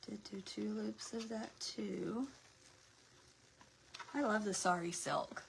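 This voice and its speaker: A woman's voice: medium pitch, slow pace, gravelly, slight background noise, poor audio. A woman hosting a casual craft livestream, chatting and greeting viewers by name as she works, sometimes dropping to a near whisper.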